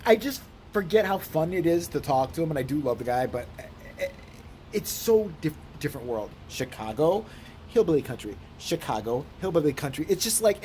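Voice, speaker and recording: A man's voice: on the high side, a little mellow, slight background noise. A man rambling through a casual vlog story, swearing freely as he goes. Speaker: vlogger.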